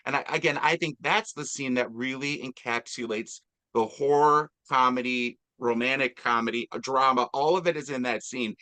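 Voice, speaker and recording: Bright-voiced enthusiastic man reviewing a film. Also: medium pitch, fairly even intonation, moderate pace. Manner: enthusiastic, rambling with fillers. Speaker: podcast host. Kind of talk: casual movie review chat.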